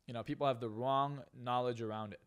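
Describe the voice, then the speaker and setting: A man's voice: medium pitch, fairly even intonation, fairly quick, clean tone. A man on a podcast talking bluntly and profanely, ranting with strong opinions. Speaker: podcast guest. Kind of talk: casual podcast talk.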